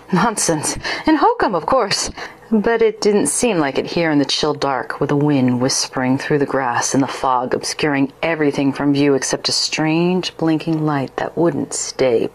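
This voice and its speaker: A woman narrating a ghost story in the first person with a steady storytelling delivery. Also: sits low.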